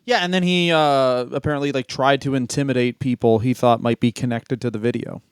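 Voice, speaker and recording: Smooth-voiced joking man co-hosting. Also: medium pitch, fairly even intonation, fairly quick, no room sound, studio quality. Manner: profane, joking, laughs often. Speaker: comedy podcast co-host. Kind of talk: casual comedic chat.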